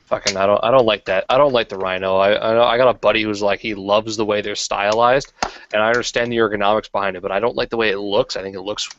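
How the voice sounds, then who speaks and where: Profane, rambling low-voiced male host. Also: fairly even intonation, fast talker, a bit bright, slight background noise. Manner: profane, rambling, frequent fillers. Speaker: podcast host. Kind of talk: casual chat. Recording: dull lo-fi podcast audio.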